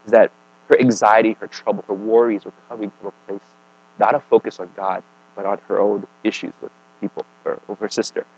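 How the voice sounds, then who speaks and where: A man with a fairly low voice delivers a conversational sermon, moving between emphatic and quiet and often asking "right?" or "okay?". There's no room sound, and the recording is rough.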